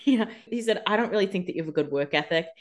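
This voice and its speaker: A woman co-host in a casual podcast chat, adding wry, sarcastic asides. Her voice sits slightly low for a woman. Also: lively intonation, rapid-fire.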